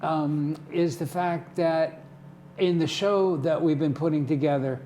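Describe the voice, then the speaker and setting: A man's voice: a little high, fairly even intonation, a little slow, mellow, slight background noise. An older man guesting on a community TV show, telling casual stories in a chatty way and often checking in with "okay?". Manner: chatty, tags remarks with "okay?". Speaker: guest, community theater volunteer. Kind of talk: casual storytelling. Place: television studio.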